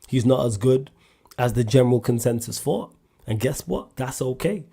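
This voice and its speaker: Male host, gravelly, dark tone, blunt and animated casual sports talk. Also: medium pitch, normal speed. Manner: animated and blunt, rising sharply when making a point. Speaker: solo sports show host answering viewer questions.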